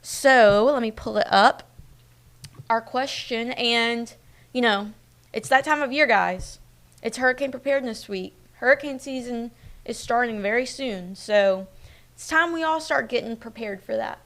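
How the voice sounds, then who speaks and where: Chatty young woman news host, creaky voice. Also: fairly high pitch, measured pace, fairly bright tone. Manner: chatty, personal, with many fillers. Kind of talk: casual live-stream news chat.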